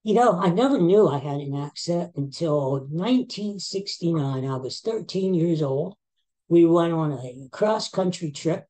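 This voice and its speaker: A man's voice: a little high, unhurried, dark tone. A man in his sixties with a Philadelphia accent, hosting a podcast as a casual chat and telling rambling stories with self-mocking asides. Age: 60s. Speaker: podcast host.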